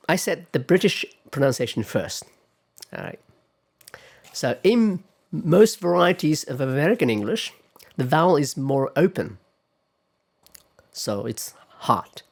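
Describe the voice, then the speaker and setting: A man at a mid-range pitch delivers a classroom lecture on pronunciation. He keeps a measured pace, checking in with "okay" and "all right". He demonstrates sample words aloud as he teaches. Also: gravelly, darkish tone.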